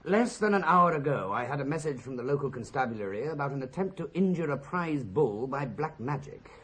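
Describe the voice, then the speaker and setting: A dry, probing detective in an old radio play, voiced by a man. His questions are ironic and measured. Faint noise runs behind the voice. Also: medium pitch, expressive, fairly bright tone, close to an everyday voice.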